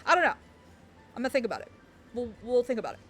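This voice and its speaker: A woman's voice: a little high, sing-song, racing, a bit bright, slight background noise. A woman streamer chatting casually on a live stream, bubbly and giggly, rambling with lots of fillers. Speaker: game streamer.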